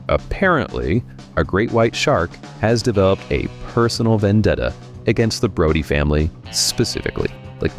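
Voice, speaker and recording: A man with a low, deep voice hosts a comedic review of bad movie sequels. His delivery is wry and sarcastic, and faint music runs quietly behind him. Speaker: host.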